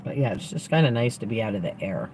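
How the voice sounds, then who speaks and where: A woman's voice: extremely low pitch, sing-song, fast talker, dark tone. A woman hosting a casual livestream from inside a parked car, chatting in an upbeat, rambling way. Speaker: livestream host. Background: passing traffic.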